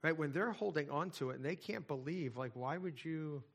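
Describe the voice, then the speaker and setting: Bright-voiced, fervent male pastor. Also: fairly high pitch, normal speed, creaky. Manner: conversational, swings from hushed to loud and fervent. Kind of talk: sermon.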